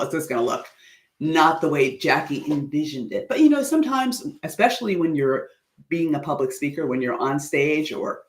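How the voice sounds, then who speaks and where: Chatty American woman hosting a roomy livestream. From United States. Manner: chatty, self-deprecating, animated with sudden high exclamations. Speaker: public speaking coach hosting a livestream. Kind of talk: casual livestream chat.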